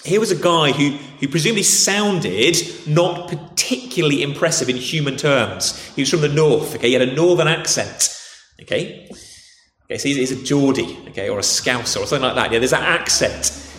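A posh-accented Englishman preaches briskly and conversationally, often restarting and dropping in "okay." He has a mid-range, fairly bright voice with a little hiss or hum, and the hall around him echoes.

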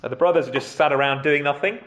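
A man's voice: on the high side, fast talker, a bit bright. Man preaching in an echoey room. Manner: addresses children with questions; conversational, with frequent restarts and rhetorical questions. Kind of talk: sermon.

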